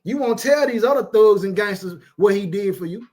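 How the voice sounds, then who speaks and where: A man's voice: high voice, moderate pace, a little mellow. A man preaching an informal sermon, emphatic and repetitive, with streetwise phrasing and frequent asides of "man".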